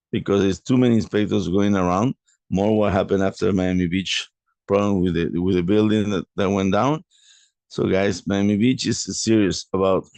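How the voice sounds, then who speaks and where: A man walking through a property investment deal in a halting way, correcting himself often. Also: on the low side, darkish tone, dry recording. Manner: halting, many restarts and self-corrections. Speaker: real estate investor presenting a deal.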